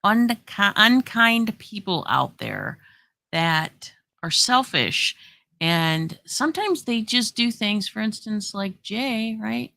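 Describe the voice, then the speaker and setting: A woman co-hosting a casual chat, speaking gently and reassuringly and reading messages aloud. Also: medium pitch, very animated, slow, creaky, no echo, studio quality.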